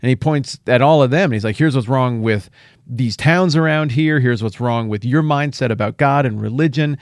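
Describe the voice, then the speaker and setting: A middle-aged man hosting a podcast, teaching the Bible in a casual, animated way with jokey asides and playful paraphrases. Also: medium pitch, normal speed, no echo, clean studio sound.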